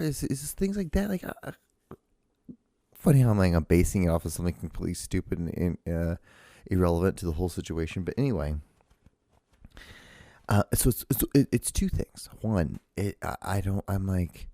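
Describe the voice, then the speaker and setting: A man with a low, gravelly, dark and mellow voice hosts his own show in a casual solo monologue, rambling, cursing freely and restarting sentences often. He talks briskly with big pitch swings, recorded dry and close with no room sound or echo.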